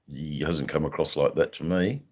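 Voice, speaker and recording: An older man with an Australian accent casually hosts a livestream, reading out chat comments and answering them, laid-back and rambling with many fillers. His voice is extremely low and husky, a little mellow, with fairly even intonation at normal speed.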